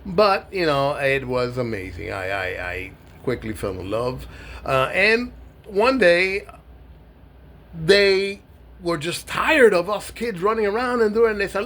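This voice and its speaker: A middle-aged man from New York giving an emotional personal monologue to camera, speaking in a heartfelt, halting way with many pauses and repeated words. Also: high voice, big pitch swings, a bit bright, a little hiss or hum. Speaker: vlogger.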